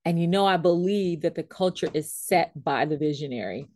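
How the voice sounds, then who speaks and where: A woman leadership coach and trainer telling a story in a coaching talk. She is animated, acts out what people said and laughs often. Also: low-pitched, normal speed.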